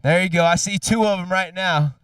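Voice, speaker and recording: High-pitched man, teasing announcer hype, outdoor racetrack, slightly distant mic. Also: a little fast, clean tone, no room sound. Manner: loud, teasing, energetic. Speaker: track announcer. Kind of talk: live trackside hype commentary.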